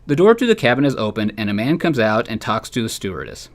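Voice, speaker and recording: A man, a sports writer, reading a humorous newspaper column aloud with wry, deadpan delivery. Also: medium pitch, fast.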